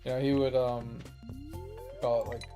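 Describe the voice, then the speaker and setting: Man, gaming streamer, casual rambling story, swears a lot, laughs at himself, mellow tone. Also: medium pitch, level tone, moderate pace, soft background music. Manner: rambling, profane, laughing at his own story.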